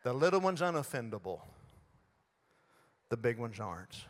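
A man's voice: medium pitch, lively intonation, brisk, a bit bright. A man, preaching a sermon in a folksy, humorous storytelling way in a church. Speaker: guest preacher. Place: church sanctuary. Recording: long hall reverb.

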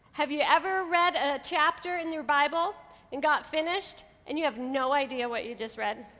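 A woman giving a sermon to a room of women, lively and playful, acting out everyday inner voices. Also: high voice, measured pace, in a large hall. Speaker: women's ministry speaker. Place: hall with an audience.

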